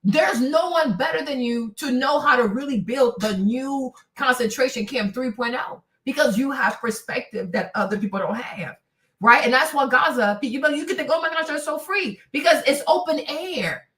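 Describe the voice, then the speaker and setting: A woman's voice: high voice, moderate pace, fairly bright tone, reverberant. Woman, livestream host, impassioned, profane, rambling, distant from mic. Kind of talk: livestream commentary.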